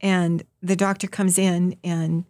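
A woman's voice: lowish voice, flat delivery, slow, a little mellow, no echo. A middle-aged woman, a mother, earnestly telling a personal story in an interview and acting out what others said. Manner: earnest, acts out quoted voices. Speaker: guest, mother telling her daughter's story.

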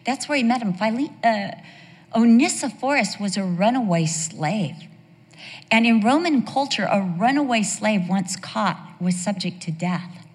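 A woman preaching a sermon, emphatic, slowing down on key phrases and breaking into playful asides. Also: medium pitch, lively intonation, long reverb tail.

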